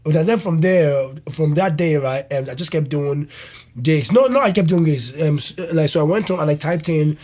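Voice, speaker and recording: Animated young man with a husky voice. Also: on the high side, normal speed. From Ireland. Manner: animated, laughing, swearing, many fillers. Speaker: comedian guest. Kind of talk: casual storytelling.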